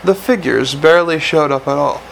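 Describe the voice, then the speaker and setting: A man narrating a fantasy audiobook in a dry, measured way. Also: on the high side, gravelly, slight background noise, low-quality recording. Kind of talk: audiobook reading.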